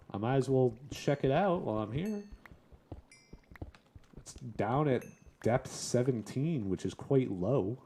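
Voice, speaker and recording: A man's voice: lowish voice, creaky, warm tone, a little hiss or hum. A young man casually commenting on his game as he plays, chatting and chuckling in a laid-back way. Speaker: gaming streamer. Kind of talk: casual Let's Play commentary.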